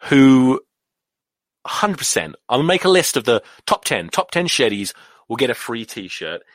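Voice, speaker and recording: A man's voice: mid-range voice, big pitch swings, a little slow, no room sound. A middle-aged English man with a drifted accent, hosting a solo podcast, rambling and swearing while feeling queasy. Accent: English, drifted toward American. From England. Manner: sweary, rambling, self-mocking. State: nauseous, queasy. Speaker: podcast host.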